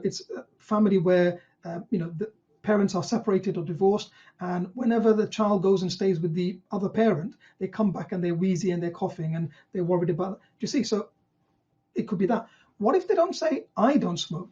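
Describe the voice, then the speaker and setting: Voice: medium pitch, mellow, lo-fi sound. A GP trainer teaching an online session, who asks rhetorical questions and acts out what patients might say.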